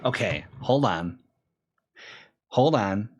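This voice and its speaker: A man streaming a game, chatting casually with viewers and breaking into loud, excited outbursts between low mumbles. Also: slow, dull audio, noisy background. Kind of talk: casual live-stream chat.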